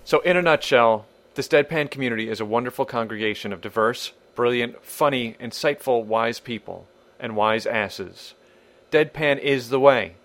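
A man's voice: medium pitch, normal speed, fairly bright tone. A man hosting a podcast in a wry, irreverent monologue, swearing casually. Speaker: podcast host.

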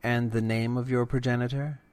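A man reads an inquisitive mind-explorer, his voice lifted higher than his narration and edged with wary questions. The recording is close and dry, with no room around it. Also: flat delivery, moderate pace, darkish tone, clean tone, no room sound, lightly acted. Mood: curious.

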